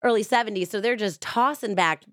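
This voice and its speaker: A woman's voice: medium pitch, a little fast, no room sound, clean studio sound. A woman podcast host telling a true crime story in a casual, chatty way, with frequent "like".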